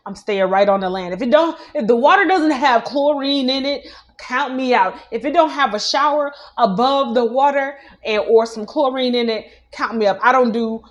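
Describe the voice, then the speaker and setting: A woman's voice: fairly high pitch, normal speed. A young adult woman hosting a casual celebrity news show, chatty and opinionated, with many asides. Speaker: news host.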